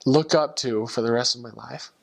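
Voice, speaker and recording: Man, mid-pitched, earnest and halting, retelling a missionary testimony. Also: vocal fry. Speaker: former missionary. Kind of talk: personal faith testimony story.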